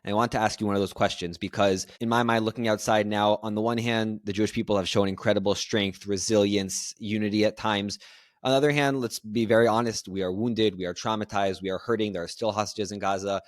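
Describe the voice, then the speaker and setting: A man hosting a podcast interview, asking measured, earnest questions. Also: on the low side, dry recording, studio quality. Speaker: podcast host.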